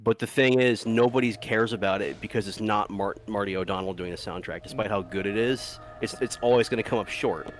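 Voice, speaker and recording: A man's voice: fairly low pitch, a little fast, few pauses. A man chatting casually while playing a game, rambling through stories with swearing and laughter. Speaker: gameplay commentator. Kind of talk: casual gameplay chat.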